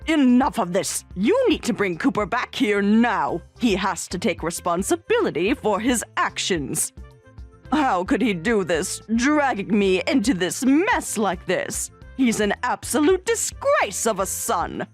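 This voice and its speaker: Entitled mother in a story drama, indignant and insistent, slow delivery with swinging pitch, a woman acting it. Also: big pitch swings, breathy edge, soft background music. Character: entitled middle-aged mother, indignant and blaming. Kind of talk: voiced story narration drama.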